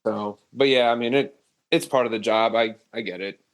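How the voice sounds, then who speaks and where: A man's voice: medium pitch, normal speed. Easygoing young man from Ohio. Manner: relaxed storyteller, swears casually. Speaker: band member, podcast guest. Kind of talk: casual chat.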